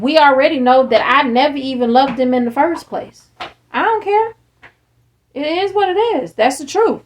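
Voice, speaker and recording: A woman, hosting a candid casual chat, talking bluntly and acting out the people she quotes. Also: sits high. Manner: blunt, animated, acts out quoted dialogue. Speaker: podcast host and parent.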